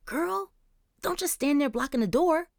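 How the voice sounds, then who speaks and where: A pushy, excitable teenage girl with a high, brassy voice, as a woman puts her on for an audiobook. She talks loud and fast. The recording is dry and close. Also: gravelly, no echo, exaggerated voice. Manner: high, brash and quick.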